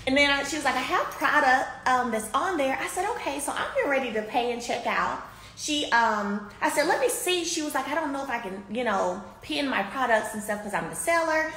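A woman telling a chatty, animated story to her viewers from a beauty salon, filmed on a handheld phone. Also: sits high, fairly quick, slight background noise. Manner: animated, addresses viewers as y'all, swings loud and soft. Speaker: vlogger. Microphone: phone camera held by speaker. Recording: echoey room with faint ambience.

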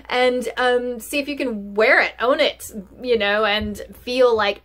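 A woman's voice: fairly high pitch, a little slow, fairly bright tone. A woman giving a casual self-help talk as host, chatty and full of fillers.

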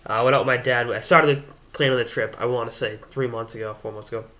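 Bright-voiced young man telling a story. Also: mid-range voice, quick pace. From Boston area. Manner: rambling, animated anecdote-telling with restarts. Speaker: hockey blogger and show host. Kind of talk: casual storytelling to camera.

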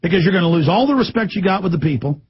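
A man ranting indignantly as a radio talk show host, breaking into mocking shouts. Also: high-pitched, animated, very fast, husky. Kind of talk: impassioned radio rant. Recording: dull lo-fi radio broadcast.

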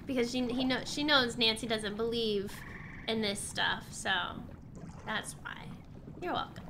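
A woman's voice: fairly high pitch, measured pace, background noise. Bubbly young woman streamer. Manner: bubbly, chatty. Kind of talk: casual gameplay commentary.

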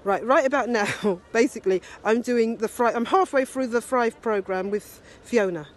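A woman in her fifties recording a personal video diary on her handheld phone, talking in a heartfelt, halting way with many fillers. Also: fairly high pitch. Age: 50s. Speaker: video diarist. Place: ski resort and restaurant abroad.

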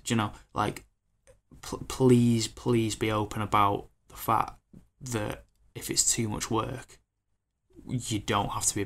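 A man in his twenties hosting a podcast, rambling in an animated, casual way with lots of fillers and acted-out quotes. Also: on the low side, creaky. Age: 20s. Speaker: podcast host.

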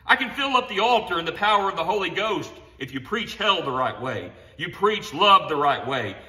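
A man preaching an impassioned sermon in his home garage. He punctuates his points with "Amen" and "honey" and stumbles into quick restarts. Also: high voice, sing-song, pushed and bright. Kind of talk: fervent sermon. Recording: echoey garage room sound.

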